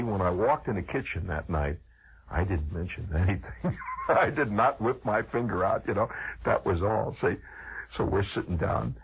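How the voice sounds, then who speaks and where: A man's voice: fairly low pitch, slight background noise. A man telling a rambling, humorous childhood story as a conversational radio monologue, with a dull lo-fi radio sound. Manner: animated, conversational, digressive.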